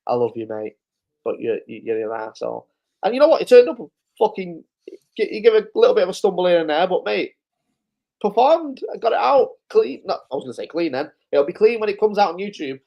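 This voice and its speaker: A man's voice: sits high, sing-song, a little fast, vocal fry, dull audio. A man hosting a live-stream recap, chatting casually, swearing freely and chuckling through his stories. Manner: loose, swearing, chuckling storyteller. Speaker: host.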